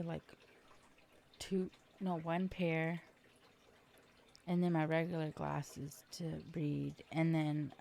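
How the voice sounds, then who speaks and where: A young woman hosts her own solo podcast in a low-leaning, creaky, darkish voice. She chats casually and rambles in a self-deprecating way, using lots of fillers.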